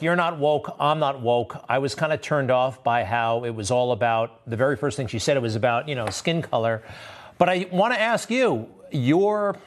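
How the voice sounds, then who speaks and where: Casual-talking male TV news host. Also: a little high. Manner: casual, conversational questioning with fillers. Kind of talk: TV news interview.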